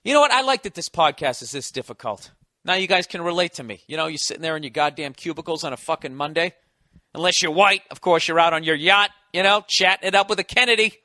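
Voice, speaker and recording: A man's voice: high voice, animated, a little fast, bright, forceful tone, no room sound, clean studio sound. A middle-aged American man hosting a podcast, delivering a sarcastic, profane comedic rant. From United States. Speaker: podcast host.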